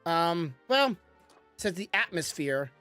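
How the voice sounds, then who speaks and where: A woman's voice: lowish voice, big pitch swings, a little slow, fairly bright tone, soft background music. A woman giving casual commentary while playing a game, chatty and self-mocking, stumbling as she reads the text aloud. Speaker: gaming streamer.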